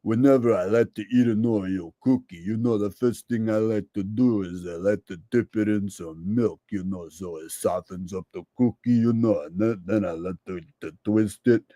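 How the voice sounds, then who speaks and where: A man impersonating a tough-guy male boxer, slurring and mumbling slowly with lots of "you know". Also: on the low side, mellow, no echo, voice pushed down, lightly acted. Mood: rambling. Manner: slow, drawling, thick.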